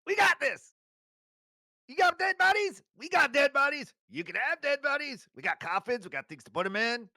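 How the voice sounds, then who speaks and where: A man voicing a pushy little male goblin salesman who hawks coffins in a loud, hard-selling patter. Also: very high voice, animated, moderate pace, dry recording, studio quality, pitched above the performer's own voice, full character voice.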